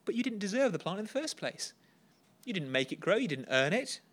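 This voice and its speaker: God speaks calmly and firmly, patiently reasoning with a wayward prophet, as a male preacher voices him. The tone stays steady and explanatory, in a fairly high male voice. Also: brisk, heavily acted.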